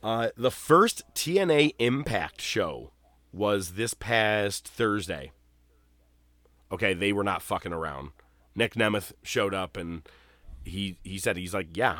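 A man's voice: low voice, a bit bright, no echo. A man hosting a podcast in casual chat, telling long, rambling stories with plenty of swearing. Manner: profane, rambling storyteller. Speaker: podcast host.

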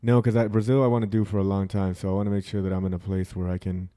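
A man's voice: low voice, rapid-fire. A man talking as a guest in a casual chat, telling stories and swearing freely. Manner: animated storyteller, swears freely.

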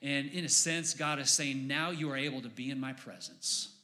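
A pastor preaching a sermon in church, building to emphatic, raised exclamations on key points. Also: male voice, medium pitch, moderate pace, sharp tone.

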